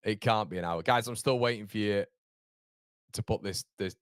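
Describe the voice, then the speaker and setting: A man's voice: lowish voice, moderate pace, smooth, no echo, studio quality. A man from York, hosting a live football watchalong in a chatty, rambling way with frequent laughter. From York, England. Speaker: watchalong host.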